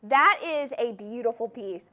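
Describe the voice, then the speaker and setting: A woman's voice: fairly high pitch, animated, unhurried, sharp tone. A woman hosting a live TV shopping show, gushing over jewelry and speaking straight to viewers, repeating key points for emphasis. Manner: gushing, enthusiastic, addresses viewers directly; repeats item numbers and key phrases for emphasis. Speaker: shopping channel host. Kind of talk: live TV jewelry sales pitch. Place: TV studio.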